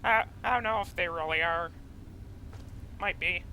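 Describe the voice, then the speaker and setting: A man with a high, gravelly voice talks through a video game in a loose, rambling way, drifting from topic to topic. His tone is bright and forceful, and he takes his time with an unhurried pace. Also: a little hiss or hum, low-quality recording. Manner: rambling, chatty, goes off on tangents. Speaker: let's play gamer. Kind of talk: casual gameplay commentary.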